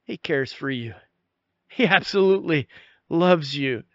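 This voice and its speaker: A man preaching a sermon in a conversational way, often restarting phrases and dropping to a soft, intense hush. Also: fairly high pitch, expressive, a little slow, no echo, highs cut off. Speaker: pastor.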